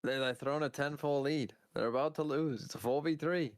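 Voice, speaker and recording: A man chatting casually on a stream, animated and joking as he talks about esports matches. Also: on the high side, moderate pace, no room sound, studio quality. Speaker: co-streamer guest. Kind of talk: casual chat.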